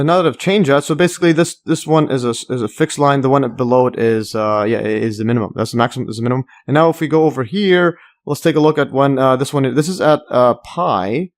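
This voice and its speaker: A man teaching a casual screen-recorded math lesson, rambling with many fillers and restarts and enthusiastic asides. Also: medium pitch. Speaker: math tutor.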